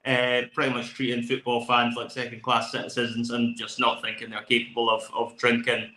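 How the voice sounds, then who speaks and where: Guy cohosting, bright sharp voice, lots of ums, roomy echo. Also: mid-range voice, completely flat delivery, moderate pace. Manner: opinionated, hesitant with many fillers. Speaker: podcast co-host. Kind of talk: casual podcast chat. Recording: echoey room.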